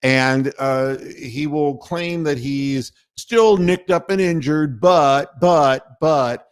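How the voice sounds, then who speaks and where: A man's voice: a little high, very slow, clean tone. A man hosting a sports radio show, delivering a heated, profane and sardonic rant. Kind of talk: ranting sports talk monologue.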